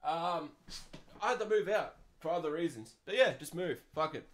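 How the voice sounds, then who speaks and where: A man's voice: on the high side, animated, normal speed. A young Australian man hosting a podcast, answering listener questions in a blunt, profane rant. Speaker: podcast host. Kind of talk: ranting advice podcast.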